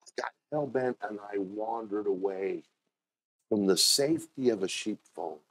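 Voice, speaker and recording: A man preaching a sermon as pastor, telling stories and acting out quoted voices with sudden jumps in pitch. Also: measured pace, vocal fry, fairly bright tone.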